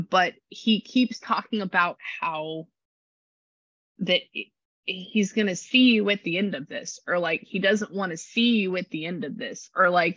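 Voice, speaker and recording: A woman giving a casual psychic reading, talking in an animated, rambling way full of exclamations. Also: lowish voice, dry recording, dull audio. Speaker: psychic medium.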